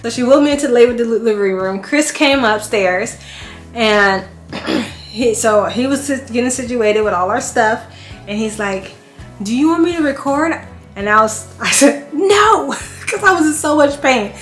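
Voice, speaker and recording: A woman in her thirties, a family vlogger, telling a personal story casually to camera and acting out what people said. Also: moderate pace. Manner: animated, acts out quotes with big pitch jumps. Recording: echoey room with faint music.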